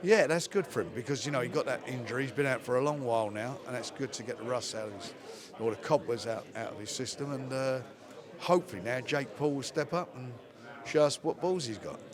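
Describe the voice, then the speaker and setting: An older man speaks as a boxing promoter in a post-fight interview. He talks plainly and says key phrases twice. A loud crowd chatters behind him at the event. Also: mid-range voice, a little fast. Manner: plainspoken, repeats phrases for emphasis.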